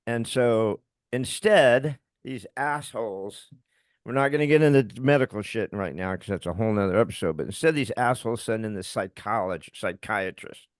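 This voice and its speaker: A man's voice: lowish voice, normal speed, no room sound. Heated, profane storytelling man. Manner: profane, heated, recounting events with acted quotes. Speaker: podcast co-host. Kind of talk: candid personal storytelling.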